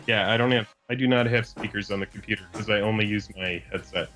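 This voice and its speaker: A man with a lowish voice co-hosts a casual livestream. He grumbles about technology in a self-mocking way while faint music plays. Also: steady tone, quick pace, fairly bright tone. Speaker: livestream co-host.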